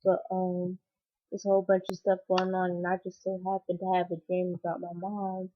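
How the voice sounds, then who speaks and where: A woman's voice: on the low side, completely flat delivery, normal speed, slight background noise. A young woman telling a personal story on her channel, rambling and emotional with many fillers. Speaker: vlogger. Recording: dull lo-fi recording.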